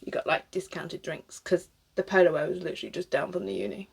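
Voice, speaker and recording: Fast and steady in tone, a British woman in her thirties talks in a fairly low, gravelly, husky voice. As a cosplayer styling a wig, she rambles through a casual chat peppered with swearing and laughter.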